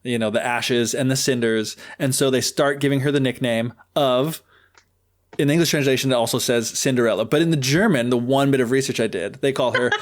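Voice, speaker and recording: A man hosting a podcast, retelling a fairy tale in a chatty, joking way with lots of fillers. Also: mid-range voice. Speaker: podcast host. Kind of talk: casual storytelling.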